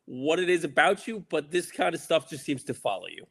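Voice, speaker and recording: Teasing, higher-voiced man. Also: big pitch swings, a little fast, creaky, a bit bright, husky. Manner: teasing, wry. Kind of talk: casual chat.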